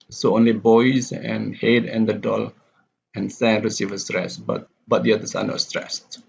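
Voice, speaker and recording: A male pronunciation lecturer with a creaky, slightly rough mid-range voice reads example sentences aloud, then explains where the word stress goes. The audio is dull and lo-fi, with faint background noise.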